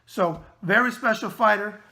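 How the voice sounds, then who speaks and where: A man's voice: high voice, normal speed, gravelly, bright, forceful tone. A man with a New York accent hosting a casual mailbag video show, talking in a brash, wisecracking way and repeating catchphrases. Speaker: show host.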